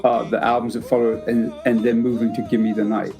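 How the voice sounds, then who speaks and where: A man's voice: mid-range voice, flat delivery, brisk, creaky, dark tone. An older man from Britain hosting a music podcast, telling stories in a loose, rambling way with many restarts. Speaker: podcast host. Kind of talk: casual anecdotal chat.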